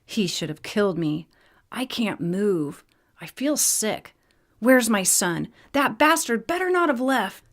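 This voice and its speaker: A woman voicing a gruff, sick older male hybrid leader in a storybook reading, blunt and grumbling. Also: mid-range voice, expressive, slow pace, voice pushed up. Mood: cranky.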